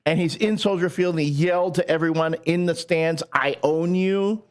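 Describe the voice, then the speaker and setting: A man's voice: a little high, steady tone, brisk, a little mellow. A man co-hosting a morning radio show from a studio, chatting casually and teasing rivals with mocking banter. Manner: teasing, mocking rival fans in exaggerated put-on voices.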